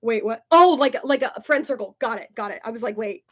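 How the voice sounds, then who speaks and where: A young woman vlogger talks casually through her viewers' comments. She is bubbly and giggly and often exclaims in surprise. Her voice sits high and light. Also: lively intonation, brisk. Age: young adult. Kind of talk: casual chat.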